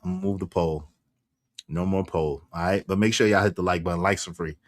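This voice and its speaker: A man hosting a casual reaction livestream, loud and slangy, laughing often. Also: low voice, fairly even intonation, brisk, no room sound, studio quality. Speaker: livestream commentary host.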